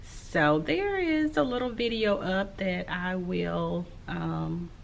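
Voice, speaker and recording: Slow, gravelly-voiced woman teacher vlogging. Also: lowish voice, lively intonation, slight background noise. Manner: slow, soft-spoken and reflective, with frequent "um". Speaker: elementary school teacher. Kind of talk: casual vlog talk to camera.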